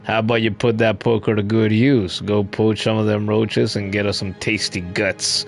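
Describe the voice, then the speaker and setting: A man's voice: lowish voice, little pitch movement, moderate pace, gravelly, faint music behind. A man voicing a scruffy, wheedling male bug scavenger in a video game, with an Australian accent and a coarse, slangy drawl. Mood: gruff, wheedling.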